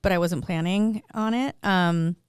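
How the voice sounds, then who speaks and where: A woman's voice: on the low side, measured pace, clean tone, no echo, studio quality. A young woman hosting a podcast, telling a personal story in a candid, chatty way. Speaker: podcast host. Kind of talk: casual chat.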